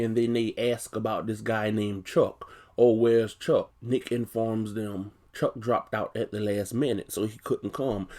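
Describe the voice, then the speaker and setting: Man, movie breakdown narration, low-pitched, warm, chatty asides. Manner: chatty, loose and conversational, full of "you know" asides. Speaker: movie reviewer. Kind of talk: casual movie plot recap.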